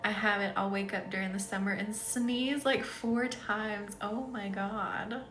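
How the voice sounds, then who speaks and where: A woman's voice: mid-range voice, steady tone, measured pace, reverberant, background noise. A tired woman hosting a casual live energy-healing stream, chatting and reading comments, who keeps breaking into giggles. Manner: giggly, chatty, easily set off laughing. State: sleepy and tired.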